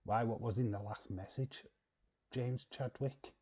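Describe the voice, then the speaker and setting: A man's voice: mid-range voice, steady tone, a little slow, mellow, breathy edge, dull audio. A man hosting a live stream, chatting bluntly and casually while reading viewer comments. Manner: chatty, blunt, laughs often.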